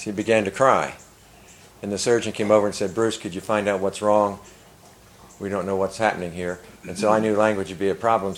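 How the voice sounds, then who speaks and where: An older man preaching, telling a story earnestly and rising to loud emphasis. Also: lowish voice, slight background noise, poor audio. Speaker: pastor. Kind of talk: sermon storytelling.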